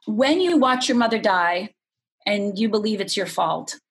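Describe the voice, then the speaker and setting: A middle-aged woman from Upper Michigan, telling a painful personal story as a podcast guest in a candid, unhurried way. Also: medium pitch, expressive. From Upper Michigan, USA.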